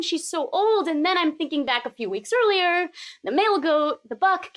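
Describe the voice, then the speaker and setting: Animated high-voiced woman telling a story. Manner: animated, rising to high squeaks in tense moments, repeating phrases for rhythm. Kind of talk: live personal storytelling.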